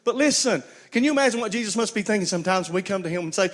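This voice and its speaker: Pastor guy preaching, high voice, tells folksy stories, asks the church to answer back. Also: rapid-fire, few pauses. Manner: preaching with call-and-response, folksy storytelling. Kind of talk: sermon.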